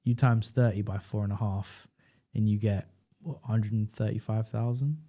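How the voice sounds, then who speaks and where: A man with a London accent chats as a guest in a relaxed interview. His voice sits a bit low, and he often stops on "um" as he thinks. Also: moderate pace. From England. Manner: relaxed, with frequent "um" fillers. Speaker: guest rapper. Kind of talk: casual interview chat.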